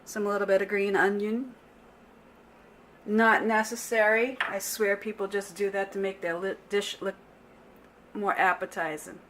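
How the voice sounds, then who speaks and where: This middle-aged home cook vlogger moves a little slowly through her casual cooking demo, with long pauses, a mid-range voice that barely shifts in pitch, and a fairly bright tone. Chatty and unpolished, she keeps stumbling and backing up to correct herself while pots, pans and cutlery faintly clink amid slight background noise.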